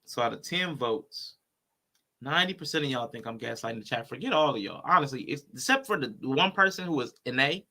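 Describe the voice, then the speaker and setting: A man co-hosting a casual livestream, animated and joking as he talks to his chat. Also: medium pitch, a little fast, vocal fry. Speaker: livestream co-host.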